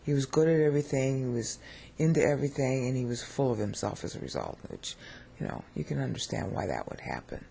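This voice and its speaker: A teacher with an American accent giving a digressive, chatty screen-share lecture on scripture, often pausing to check in with "okay?". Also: medium pitch, expressive, vocal fry, warm tone, a little hiss or hum. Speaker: Bible teacher.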